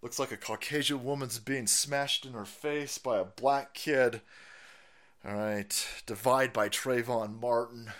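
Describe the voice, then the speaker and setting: A man's voice: fairly high pitch, a little slow, creaky, fairly bright tone, heavily acted. A man voicing a weary, exasperated male military recruiter who groans and mutters in resignation. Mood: muttering.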